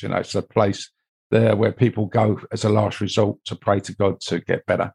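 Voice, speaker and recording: A man's voice: on the low side, little pitch movement, moderate pace, creaky, darkish tone, husky. Older man telling a rambling story. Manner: rambling, anecdotal, frequent "you know" asides. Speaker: interview guest, mold investigator. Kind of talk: conversational storytelling.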